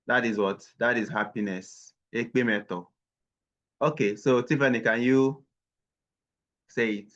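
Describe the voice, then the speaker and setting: A man teaching an online language lesson on a video call, patiently repeating words slowly for his learners. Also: mid-range voice, steady tone, fairly bright tone. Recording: dull lo-fi call audio.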